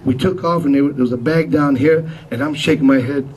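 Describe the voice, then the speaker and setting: A man tells lively anecdotes to a gathered audience at a memorial, in a mid-pitched voice. He sounds set back from the microphone. A faint hiss runs underneath. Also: brisk. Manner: animated storyteller, acts out quotes. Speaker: musician giving a memorial tribute. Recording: distant mic with faint noise.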